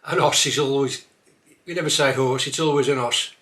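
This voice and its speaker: An older man with a Black Country accent, teaching dialect words in a casual vlog and repeating them slowly to show how they sound. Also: mid-range voice, fairly bright tone.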